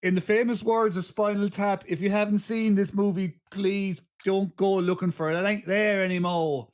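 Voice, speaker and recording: A man's voice: high voice, steady tone, normal speed. A man hosting a comedy film podcast, summarizing a bad movie in a rambling, joking way, often restarting sentences. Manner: rambling, stumbling restarts, frequent laughter. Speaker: podcast host. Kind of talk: casual comedic podcast chat.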